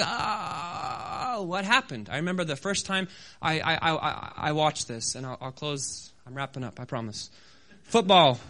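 Animated, bright-voiced male preacher. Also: high-pitched. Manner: animated, acts out sounds and voices, self-deprecating humor. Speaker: missionary preacher. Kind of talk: sermon with storytelling.

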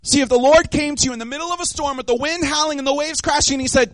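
A man preaching a sermon in an animated way, acting out the voices of the people in the story. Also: very high voice, quick pace, dry recording. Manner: animated, acts out voices of the disciples and of God.

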